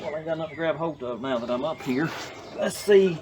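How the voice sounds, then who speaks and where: An older man with a drawl talks in a folksy, chuckling way, a little higher-pitched than most men. He is puffing and out of breath as he works. Steady outdoor noise runs behind his voice. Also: fast talker. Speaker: garage channel host. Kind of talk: casual commentary while working. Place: outdoors by an old truck on a farm.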